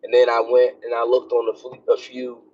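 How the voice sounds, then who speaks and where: Husky guy with a lowish voice rambling on in a vlog, dull lo-fi sound. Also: completely flat delivery, moderate pace. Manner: rambling, conversational, many fillers. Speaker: vlogger, military officer. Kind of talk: casual talking-head vlog. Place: driving onto a military base.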